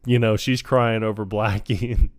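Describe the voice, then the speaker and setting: A man's voice: on the low side, steady tone, normal speed, no echo, clean studio sound. A man co-hosting a casual podcast, recapping a movie and acting out its lines in put-on voices. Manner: acts out quoted movie lines in put-on voices, laughing often. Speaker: podcast co-host.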